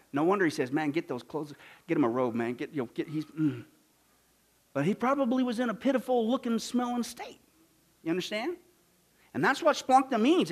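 This high-voiced Kansas preacher gives a dramatic sermon, lurching between loud shouted outbursts and soft, hushed asides while acting out the characters in his story.

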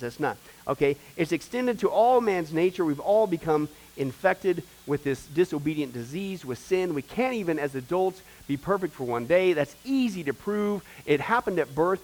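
A man teaching a discipleship class as a pastor, questioning the class and swinging from hushed to loud as he tells a story. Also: on the high side, lively intonation, moderate pace, rough recording. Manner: retells a story, acting out the voices in it.

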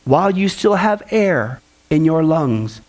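A man's voice: big pitch swings, unhurried, darkish tone. A man preaching a sermon as pastor, emphatic and earnest, stretching his words and leaning hard on key phrases. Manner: emphatic, rising to a high pitch on quotes.

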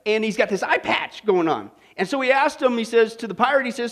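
A male pastor with a notably high voice delivers a lively sermon. He jokes with members of the congregation by name, then shifts to emphatic, slowed-down teaching on key points. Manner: joking, calls out to congregation by name.

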